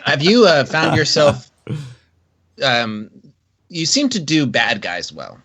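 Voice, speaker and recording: A man hosting a podcast, asking halting questions with many restarts. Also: on the high side, very animated, a crowd in the background. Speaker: podcast host. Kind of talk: casual podcast interview.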